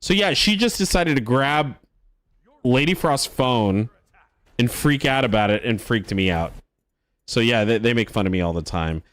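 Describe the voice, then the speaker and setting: A male streamer chats to his viewers, telling a long personal anecdote in a loose, rambling way. His voice sits in a middle pitch, and he stumbles over restarts and swears freely as he goes. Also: animated, moderate pace, a bit bright, no room sound. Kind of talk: casual storytelling chat to a live stream.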